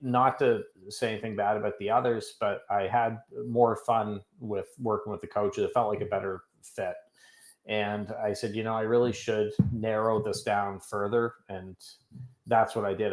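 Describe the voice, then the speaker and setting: A middle-aged man from Canada talks as a guest in an interview. He tells stories in a chatty, self-joking way. His voice is low, and the room around him echoes. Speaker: podcast guest, business coach. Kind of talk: casual interview talk.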